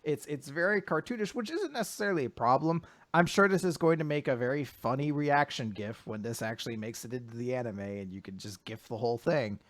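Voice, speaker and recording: A man's voice: medium pitch, fairly quick, hardly any pauses, dry recording. A man co-hosting a podcast, retelling comic chapters in casual chat and acting out the lines. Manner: animated retelling, acts out lines, frequent fillers. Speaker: podcast co-host.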